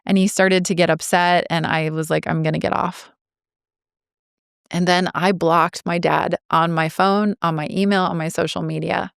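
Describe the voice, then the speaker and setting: A woman in her forties shares a personal story in an earnest, reflective way, drawing out the phrases that matter most. Her voice sits a little low and sounds smooth and clear. It is recorded dry and close, with no room sound. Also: steady tone, unhurried, dry recording. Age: 40s. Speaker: podcast host.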